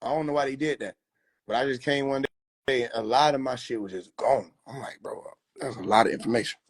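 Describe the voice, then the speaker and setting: Husky-voiced man on a phone livestream. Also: medium pitch, fairly quick. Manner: profane, loose, laughs often. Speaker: livestream host. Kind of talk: casual livestream chat.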